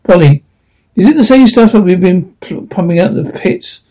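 A man's voice: high voice, lively intonation, normal speed, mellow, low-quality recording. A man voicing an anxious young woman companion who asks worried questions.

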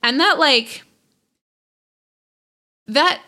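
A young woman with a fairly high, crisply bright voice talks on a podcast as a guest. She tells a story in a loose, rambling way, stopping and restarting often and packing her sentences with fillers. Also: very slow. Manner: rambling, animated retelling with many fillers and restarts. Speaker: podcast guest, content creator. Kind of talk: casual podcast chat.

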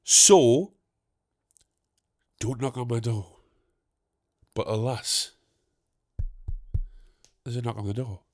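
A young man hosting a podcast, telling a comic anecdote in an animated, boastful way that builds to exasperated outbursts. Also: mid-range voice, slow pace, pauses often. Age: young adult. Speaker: podcast host. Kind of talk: comic storytelling.

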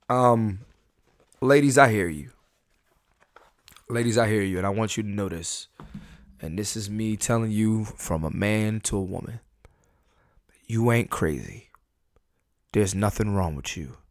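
Gravelly, laid-back man hosting a podcast. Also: on the low side, dry recording, studio quality. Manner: loose, rambling, laughing, cursing. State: high on weed. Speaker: podcast host. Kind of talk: casual solo podcast monologue. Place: at home.

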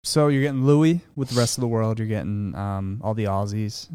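A man hosting a casual golf betting podcast, talking in a relaxed, matter-of-fact way with lots of fillers. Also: on the low side, moderate pace, slight background noise. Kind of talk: casual sports betting chat.

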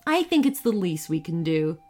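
A woman voicing a gentle, easygoing mother of two, talking in a homely, relaxed way. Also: lowish voice, normal speed.

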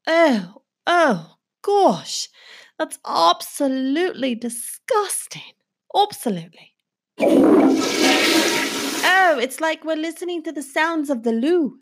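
Woman doing a fake posh english accent, prissy and scandalized, kinda high. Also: sing-song, slow pace, pauses often, heavily acted. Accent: put-on English. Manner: exclaims "absolutely" and "dreadful", fussy and indignant.

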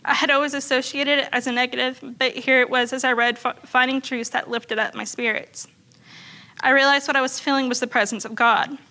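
A woman's voice: high voice, steady tone, fairly quick, bright, forceful tone. A woman earnestly reading aloud a written faith testimony to a church group. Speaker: church member sharing testimony.

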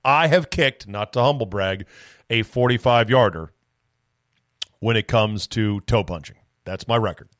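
A man hosting a solo sports podcast, talking in a rambling, animated way with profane, self-mocking asides. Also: lowish voice, measured pace, no room sound, studio quality. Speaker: sports talk podcast host.

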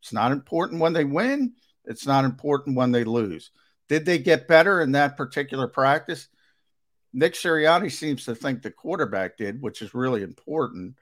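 A man's voice: mid-range voice, moderate pace. A man talking sports analysis on a talk show. He starts sentences over and over, then drives his points home with emphatic bursts. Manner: hesitant restarts, emphatic and animated.

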